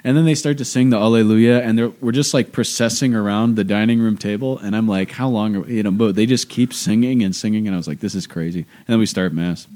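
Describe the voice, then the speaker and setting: Animated storytelling man, low voice. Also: fast talker, few pauses. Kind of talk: casual chat.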